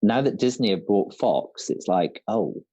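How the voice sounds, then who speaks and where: Low, lively-voiced man reading quiz questions. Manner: chatty, repeats each question slowly. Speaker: quiz co-host.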